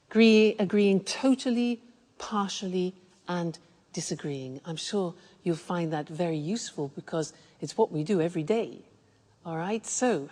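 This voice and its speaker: A woman English teacher slowly explaining and demonstrating everyday phrases. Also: mid-range voice, darkish tone, long reverb tail. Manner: slow, clear, demonstrating example phrases. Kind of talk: language lesson explanation.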